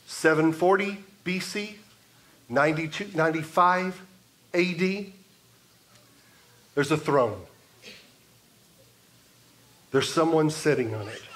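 A man preaching a sermon as pastor, in a measured way, building emphasis through repetition. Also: high voice, fairly bright tone. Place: church sanctuary.

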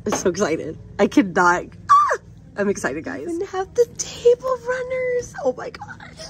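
A woman's voice: on the low side, a little hiss or hum. A middle-aged woman vlogging a shopping trip, gushing with gasps and squeals of delight. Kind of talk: shop-with-me vlog. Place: inside a store.

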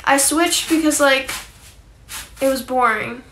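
A woman's voice: sits high, slow, a bit bright, slight background noise. A young woman chatting casually on a phone livestream, rambling with lots of likes and ums and casual swearing.

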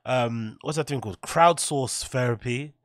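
A man's voice: medium pitch, moderate pace, no echo, studio quality. A man giving casual reaction commentary as a streamer, blunt and scornful, swearing freely.

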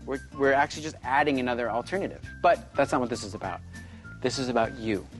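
Male actor as a boastful, rambling milk board boss with an animated voice, for sketch comedy. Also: mid-range voice, fast talker, soft background music, lightly acted. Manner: rambling, half-hearted, boastful. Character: bumbling male milk board spokesman, self-important.

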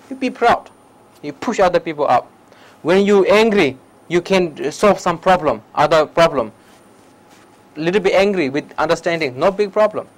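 High-pitched male meditation teacher, plain broken English, short repeated lines, questions the room. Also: rough recording. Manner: questions the listeners directly. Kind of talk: public talk on meditation.

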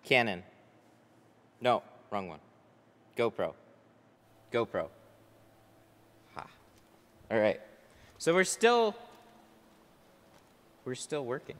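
Talking slowly and pausing often, a window tint installer chats on his live stream in a rambling, filler-heavy way. His voice is fairly low with a fairly bright tone, captured on a headset and trailing into long workshop reverb.

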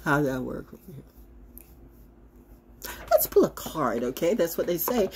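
A woman's voice: deep voice, expressive, slow pace, long pauses, background noise. A woman holding a casual, brash, sassy monologue to camera as a self-styled spiritual oracle, swinging from mocking asides to blunt remarks.

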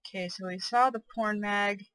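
A woman's voice: medium pitch, fairly even intonation, moderate pace, fairly bright tone, no echo, poor audio. A woman giving gameplay commentary, curious and speculating aloud as she plays. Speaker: let's play host.

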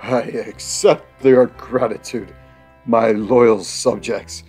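Man playing a slow, stately old emperor. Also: medium pitch, fairly even intonation, a little mellow, slightly rough, soft background music. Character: benevolent older male emperor addressing subjects.

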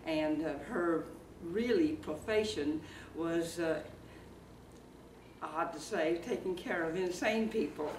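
A woman in her eighties from Iowa, reminiscing slowly and haltingly in an oral history interview held in a library community room. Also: lowish voice, a little mellow. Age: 80s. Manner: slow, halting reminiscing with fillers. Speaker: interviewee, former circus performer. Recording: roomy, distant mic, faint background noise.

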